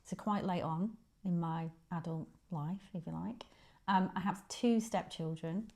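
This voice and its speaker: A woman's voice: fairly low pitch, unhurried, darkish tone. A woman in her forties from Manchester with a Northern English accent, a guest chatting casually, self-deprecating and full of ums. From Manchester, England. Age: 40s. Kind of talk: casual chat.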